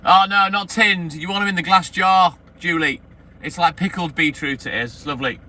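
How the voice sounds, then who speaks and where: A man's voice: high voice, moderate pace, pushed and bright. A chatty, friendly man on his milk round, rambling casually to live viewers. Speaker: milkman streamer. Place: outdoors by a vehicle on a milk round. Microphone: phone. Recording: noisy outdoor phone stream. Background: street and vehicle noise.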